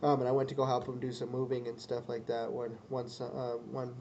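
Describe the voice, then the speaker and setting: A man's voice: medium pitch, completely flat delivery, a little fast, darkish tone. A man co-hosting a casual chat, talking hesitantly with lots of ums and likes. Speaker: podcast co-host. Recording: dull lo-fi sound with faint noise.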